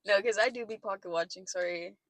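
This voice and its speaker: A woman's voice: mid-range voice, quick pace, dry recording, low-quality recording. A woman in her twenties co-hosting a podcast, telling stories in a casual chat and acting out the voices of the people in them. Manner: animated storytelling, acting out voices. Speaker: podcast co-host.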